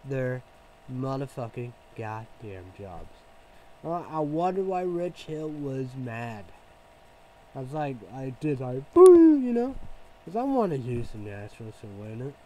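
Male vlogger, loose profane ramble, filler-heavy, mid-pitched voice. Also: darkish tone, a little hiss or hum, rough recording. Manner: rambling, profane, full of "you know" fillers. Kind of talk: casual rambling rant.

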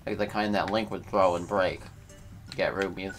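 Laid-back man with a low voice. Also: little pitch movement, moderate pace, a bit bright, faint music behind. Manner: laid-back, slangy, thinking aloud. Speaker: let's-play host. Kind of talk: casual gameplay commentary.

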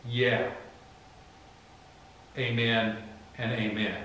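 A man's voice: medium pitch, unhurried, fairly bright tone, heavy reverb, low-quality recording. A man preaching a sermon as pastor, in a conversational, emphatic manner, retelling scenes in his own casual words. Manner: conversational, emphatic, voicing Bible figures casually. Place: church sanctuary.

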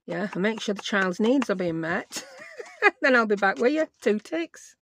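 Middle-aged woman, craft host, rambling self-talk, slight gravel. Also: medium pitch, expressive, moderate pace, a little hiss or hum. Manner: rambling, self-mocking, talks to herself while working. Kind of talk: chatty crafting tutorial.

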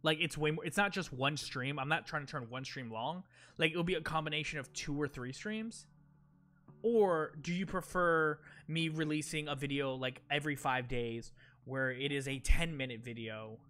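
A man's voice: fairly high pitch, moderate pace, a bit bright. A man live-streaming a game, talking casually and directly to his chat viewers, rambling with many fillers and restarts while game music plays.

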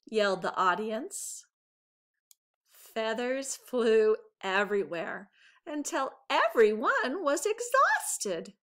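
Slow, animated woman reading a storybook aloud. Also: fairly high pitch. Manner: expressive storytelling. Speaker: teacher. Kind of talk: reading a picture book aloud.

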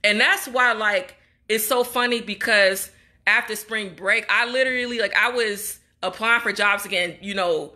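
A woman's voice: mid-range voice, moderate pace, bright, forceful tone. A young woman from Chicago, a graduate student, venting in an upset, emotional vlog straight to her viewers. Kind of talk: casual emotional vlog monologue.

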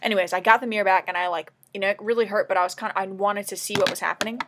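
Tearful and crying, a woman rambles anxiously through a casual confessional vlog, her emotion sometimes sinking her voice to a whisper. She talks rapid-fire at a medium pitch with fairly even intonation, and there's background noise.

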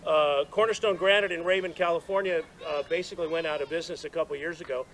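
A man's voice: on the high side, fairly even intonation, fast, a bit bright, poor audio. A man giving a rambling, self-deprecating story as a speech at an outdoor dedication, with restarts and laughs. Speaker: speaker at monument dedication. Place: outdoors at a gathering.

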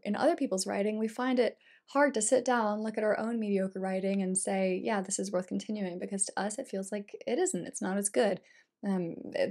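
A woman's voice: mid-range voice, a little mellow. Chatty woman coaching writers. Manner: chatty, direct, addresses the viewer. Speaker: writing coach. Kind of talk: casual instructional vlog.

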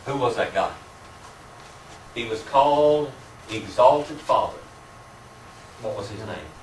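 In a roomy, distant amateur recording with light hiss, a man with a lowish, lively voice teaches a church Bible class slowly. He keeps asking the class questions, chuckles frequently, and teases with warmth, picked up by a room mic from across the space.

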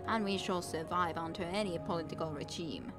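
A woman's voice: on the low side, brisk, over music, natural voice. A woman voicing a proud man who leads a neutral order of healers in a fantasy storybook reading, courteous and self-assured.

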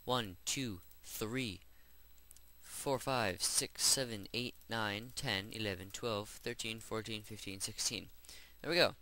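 A man's voice: on the low side, slow, bright, forceful tone. A man hosting a game-building tutorial, chatting casually and rambling as he works through each step. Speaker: Minecraft tutorial host. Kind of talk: gameplay voice-over tutorial.

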